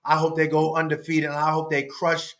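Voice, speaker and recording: A man telling a story as a podcast guest, animated and laughing, jumping in pitch to act out quotes. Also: brisk. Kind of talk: casual storytelling.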